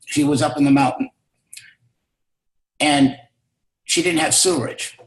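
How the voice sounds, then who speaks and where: A man's voice: a little high, fairly even intonation, a little slow. A man speaking as a business mentor, telling a motivational story emphatically and repeating key words for stress. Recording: roomy echo.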